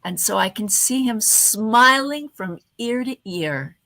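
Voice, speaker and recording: Bright, expressive woman teaching voice skills. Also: on the high side. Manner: expressive, varies her voice often, slows down on purpose. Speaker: event host and communication speaker. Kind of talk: motivational talk on speaking skills.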